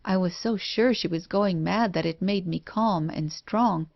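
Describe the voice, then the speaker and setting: A woman reading a first-person horror story in a measured, even way. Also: on the low side, vocal fry, dry recording. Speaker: audiobook narrator. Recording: dull dry lo-fi recording.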